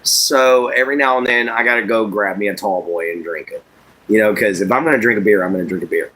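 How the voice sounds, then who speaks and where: Man, bright tense voice, folksy rambling chat, laughs a lot, livestream host. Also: lowish voice, fast talker. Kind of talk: casual chat.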